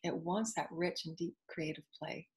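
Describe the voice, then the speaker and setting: Husky-voiced woman giving a spiritual talk. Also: sits low, fairly even intonation, moderate pace. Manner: soft, repetitive affirmations; earnest, flowing, at times whispered. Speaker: spiritual teacher.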